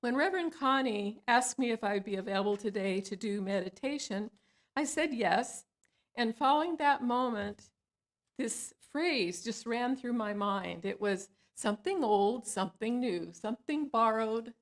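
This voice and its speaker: A woman, a licensed spiritual practitioner, leading a guided meditation in a slow, soothing cadence in a church hall. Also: fairly high pitch, expressive.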